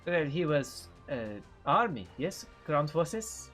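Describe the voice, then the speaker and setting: Sex: man. Figure: man putting on a proud naval captain. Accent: put-on French. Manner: formal, halting. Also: on the high side, big pitch swings, fairly bright tone, faint music behind, heavily acted. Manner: formal, halting, with many fillers.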